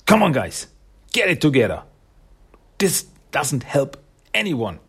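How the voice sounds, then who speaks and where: A man voicing a tough female lion mutant who scolds everyone bluntly, in a higher voice than his own. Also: wildly swooping pitch, takes it slowly, fairly bright tone, breathy edge, heavily acted. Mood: urging. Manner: bossy, exasperated scolding.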